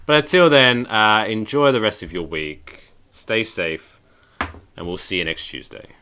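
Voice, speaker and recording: A British man co-hosting a podcast, chatting casually with joking banter and quick asides. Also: lowish voice, pushed and bright, slight background noise. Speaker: podcast co-host. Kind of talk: casual chat.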